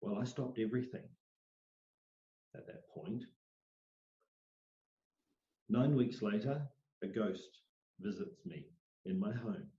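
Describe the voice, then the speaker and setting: A middle-aged man, an interview guest, telling personal stories in an animated way and acting out the voices he quotes. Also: fairly low pitch, slow pace, pauses often. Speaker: interview guest, psychic medium. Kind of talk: storytelling in a conversational interview. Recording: roomy, dull lo-fi sound.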